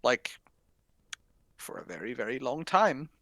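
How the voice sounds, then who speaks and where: A man's voice: mid-range voice, big pitch swings, a little slow, gravelly, pushed and bright, no echo, rough recording. Podcast guy, mid voice, swears a lot, laid back and offhand, dry close sound. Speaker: podcast co-host. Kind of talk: casual political chat.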